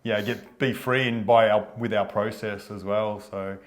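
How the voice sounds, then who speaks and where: A man co-hosting a casual chat, relaxed and trailing off at the ends of his phrases. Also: lowish voice, unhurried. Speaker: co-host, bodywork therapist.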